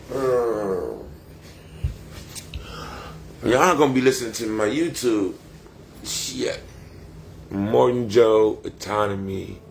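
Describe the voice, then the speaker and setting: A man with a lowish, creaky voice rambles on a casual livestream, profane and boastful in a loose street-talk style. There's slight background noise.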